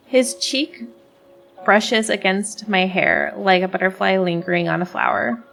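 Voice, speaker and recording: A woman's voice: mid-range voice, unhurried, creaky, a bit bright, soft background music. A woman hosting a game playthrough, reading the story text aloud and gushing about the characters, often stumbling and restarting words. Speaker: let's play host.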